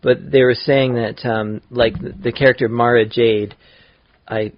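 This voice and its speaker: A man's voice: mid-range voice, fairly even intonation, measured pace. A man co-hosting a podcast, chatting casually, often restarting and trailing off. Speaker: podcast co-host. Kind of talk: casual chat. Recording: dry, dull lo-fi podcast audio.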